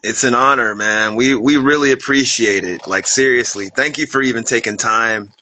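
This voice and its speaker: A man's voice: medium pitch, normal speed, pushed and bright, slight background noise, low-quality recording. A man hosting an interview, eager and grateful, full of casual fillers. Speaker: interview host.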